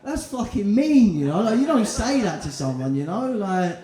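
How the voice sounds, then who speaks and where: A twenty-something man with a high, sing-song voice and normal speed does a stand-up set at a central London comedy club, bantering with the audience in a rambling, crude, self-deprecating way amid crowd laughter in a roomy venue.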